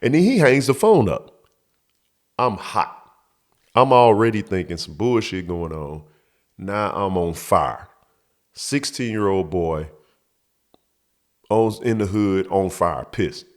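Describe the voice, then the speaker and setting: A man's voice: deep voice, unhurried, pauses often. A man hosting his show, telling a story from his youth in a profane, emphatic way, acting out the scene. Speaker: show host. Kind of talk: storytelling monologue.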